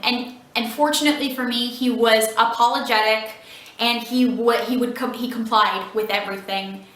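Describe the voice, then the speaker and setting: A woman recounting a personal story with halting restarts. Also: fairly high pitch, bright, forceful tone. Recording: echoey, distant from the mic.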